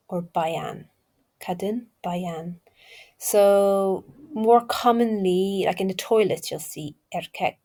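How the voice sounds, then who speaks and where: Slow, husky woman teaching vocabulary. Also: on the low side, mellow. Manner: chatty, self-deprecating, thinks aloud. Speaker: language learner teaching Turkish. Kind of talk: casual video lesson.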